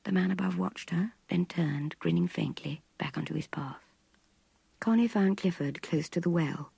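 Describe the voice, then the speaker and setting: An older woman narrating a classic novel in an intimate, breathy half-whisper. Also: fairly low pitch, normal speed, warm tone, dry recording. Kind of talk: audiobook reading of a classic novel.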